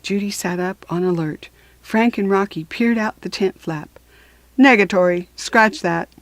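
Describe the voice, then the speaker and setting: Woman narrator for a kids' read-aloud, expressive, whispers at tense moments, mid pitch. Dry, close recording. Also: normal speed, no echo. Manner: expressive, drops to a whisper for suspense. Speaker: children's book reader. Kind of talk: reading a storybook aloud.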